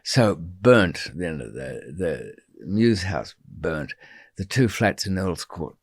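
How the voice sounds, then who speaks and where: A man with a fairly low voice spins a long story as a podcast guest, wandering off into wry asides and filling pauses with ums. The sound is close and dry, with no room echo. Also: sing-song, gravelly, husky. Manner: rambling and digressive, many ums, wry asides. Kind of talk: storytelling in an interview.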